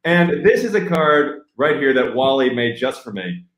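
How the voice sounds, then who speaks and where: A man hosting a casual chat who speaks in an energetic, playful way. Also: mid-range voice, moderate pace. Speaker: host. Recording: roomy echo.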